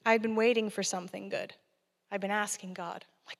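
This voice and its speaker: A woman delivers a sermon in a plain, conversational way, earnest and direct. Her voice sits at an ordinary middle pitch. It rings out with the long reverb of a church hall. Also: fairly even intonation, fairly quick, gravelly. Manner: earnest, conversational, laughing at times. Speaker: guest preacher.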